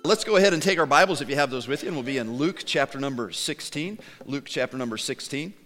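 A man preaching a sermon to his congregation in a church, animated and conversational, joking with the listeners. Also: mid-range voice, fast talker, long reverb tail, soft background music. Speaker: pastor. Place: church sanctuary.

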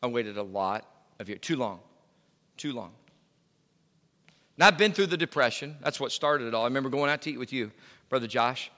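A man's voice: medium pitch, lively intonation, quick pace, pushed and bright, big-room sound. A male pastor preaching a sermon in a conversational way, full of fillers and restarts. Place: church sanctuary.

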